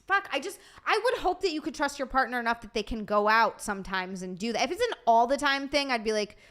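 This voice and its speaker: A woman's voice: high-pitched, animated, brisk, sharp tone. A woman streamer chatting casually with her viewers, scattered and tired from lack of sleep, swearing freely. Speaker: streamer and podcast host. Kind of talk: casual livestream chat, answering viewer donations.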